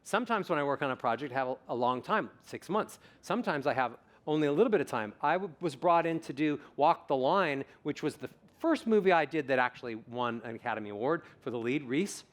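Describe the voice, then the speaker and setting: A man in a vocal-coach role addresses a live conference audience and answers their questions. His voice sits a touch high for a man, and his delivery is animated and emphatic. He leans on repeated words to drive a point home. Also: a little fast, few pauses. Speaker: vocal coach and summit speaker.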